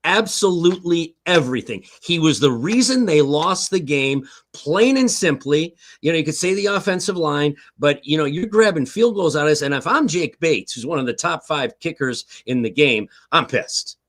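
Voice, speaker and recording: A man's voice: on the high side, expressive, normal speed, hardly any pauses, a bit bright. An older man giving heated, emphatic football commentary on a streamed talk show, repeating his points and tagging lines with "okay?". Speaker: guest analyst, former team staff. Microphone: online stream call.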